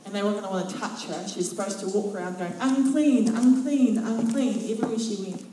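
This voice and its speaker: A woman preaching a sermon in a church, telling Bible stories with lively, expressive delivery and acting out the lines. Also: mid-range voice, racing, a little hiss or hum. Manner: expressive storytelling, acts out quotes. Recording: very echoey church from a distance.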